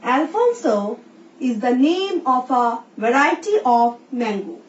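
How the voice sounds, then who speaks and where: Indian english lady teacher going slow through a lesson, echoey room, mic kinda far and muffled. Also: high-pitched, big pitch swings. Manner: slow, careful explaining, reading example sentences aloud. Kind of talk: recorded online English lesson. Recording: roomy, distant, dull sound with faint hiss.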